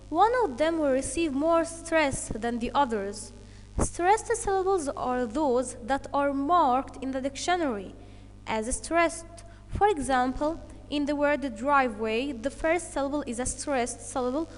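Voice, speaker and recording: A woman teaches English to children in a high, slow voice. She explains each point carefully and checks in with "okay" along the way. Her voice carries a long reverb. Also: a little hiss or hum. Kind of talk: online English lesson for children.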